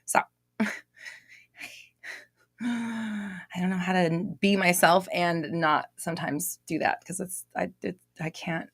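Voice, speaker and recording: A young woman hosting a casual live stream, reading out comments, loud and expressive, laughing often and swearing casually. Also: lowish voice, slow, creaky, long pauses, breathy edge, dry recording, clean studio sound.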